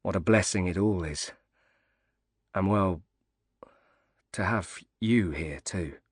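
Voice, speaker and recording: A man doing a soft-spoken grateful father. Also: low-pitched, takes it slowly, husky, no echo, clean studio sound, heavily acted. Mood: moved. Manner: earnest, soft-spoken, moved. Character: grateful, emotional British widowed father.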